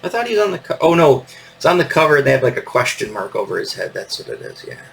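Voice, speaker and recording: A man's voice: mid-range voice, big pitch swings, fast, gravelly, fairly bright tone, distant mic, slight background noise, low-quality recording. A man in his fifties hosting a casual show-and-tell, meandering with lots of fillers and little chuckles. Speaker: podcast host.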